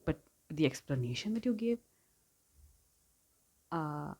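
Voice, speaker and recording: A woman's voice: low voice, very animated, slow, warm tone. A woman casually ranting in a book review vlog, exasperated, with laughing asides and whispered remarks. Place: home filming setup.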